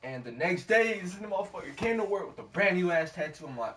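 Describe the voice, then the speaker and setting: A man's voice: fairly high pitch, animated, a little fast, a bit bright, slight background noise. A man streaming a game while telling a story in a casual way. He rambles, swears a lot and fills his talk with slang. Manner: rambling, slangy and profane, with many fillers. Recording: distant mic with clear background ambience.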